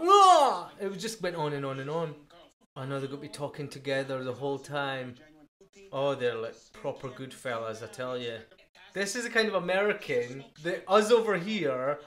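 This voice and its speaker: A quippy British host talks through a reality show in a loose, excitable reaction commentary. The voice sits at a middling pitch and moves at an easy pace, full of quick asides and little laughs. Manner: chatty, quippy, excitable, laughs at own jokes.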